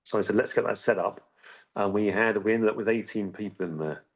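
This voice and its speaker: Low-voiced man telling a halting story. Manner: halting, with frequent restarts and repeated words. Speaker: interview guest. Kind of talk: recounting a personal story.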